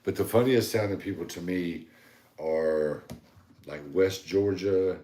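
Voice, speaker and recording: A man's voice: sits low, slow, warm tone, reverberant. A man with a Southern accent from North Carolina, co-hosting a podcast in casual chat, rambling with many fillers. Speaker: podcast co-host.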